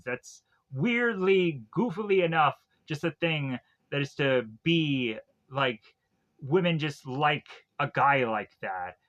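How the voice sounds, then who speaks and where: A man's voice: a little high, fairly bright tone, dull audio. A man, a streamer, rambling casually through a film recap and personal stories, full of fillers and asides.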